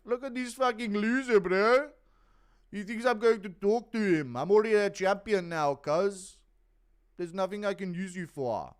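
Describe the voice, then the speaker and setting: A man's voice: sits high, moderate pace, clean tone, pitched above the performer's own voice, close to an everyday voice. A man impersonating an arrogant fighting champion who dismissively sneers at a fan, in a raised voice. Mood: sneering. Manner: sneering, profane.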